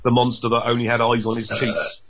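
A man's voice: mid-range voice, little pitch movement, brisk, a bit bright, a little hiss or hum. A man joining a casual podcast chat, making wisecracks and slipping into mock accents.

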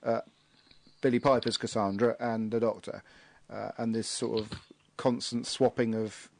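A man's voice: mid-range voice, level tone, moderate pace, vocal fry, a little mellow. A man hosting a casual group chat, rambling with many fillers and restarts. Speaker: podcast host.

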